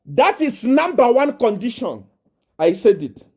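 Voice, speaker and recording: A man preaches as a self-proclaimed prophet, his high voice swinging widely in pitch. The tone is warm and mellow, but the delivery is boastful and defiant. He hammers the same phrases again and again and builds to shouts. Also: very animated, unhurried, slightly rough. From Nigeria. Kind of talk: preaching to a congregation.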